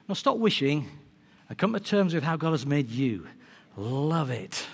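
Animated preacher in an echoing hall. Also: male voice, on the high side, unhurried, creaky, husky. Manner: animated storytelling, acting out characters. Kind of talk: sermon. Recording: long reverb of a large hall.

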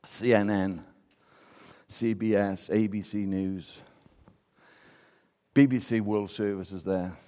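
A man's voice: on the low side, fairly even intonation, slow pace, pauses often, mellow. A man preaching a sermon and telling a story, acting out the voices of the people in it. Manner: storytelling, acts out quoted voices. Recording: preaching in a reverberant hall.

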